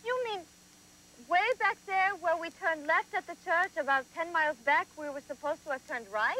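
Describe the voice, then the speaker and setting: A woman's voice: very high voice, normal speed, pushed and bright, poor audio. A woman acting as a chatty, down-to-earth young woman in an educational TV sketch, speaking in a wry, matter-of-fact way.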